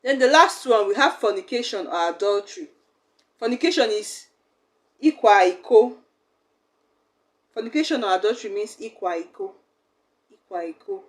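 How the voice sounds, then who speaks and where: A woman's voice: fairly high pitch, lively intonation, fast. A young woman, teaching a language lesson in a chatty, explaining way. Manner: chatty, acts out little quoted exchanges.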